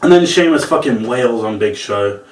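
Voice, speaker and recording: A man's voice: mid-range voice, normal speed. A man giving a casual, ranting wrestling review, swearing often and acting out the moves. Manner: animated, swears often, acts out moves and quotes. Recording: roomy, distant from the mic.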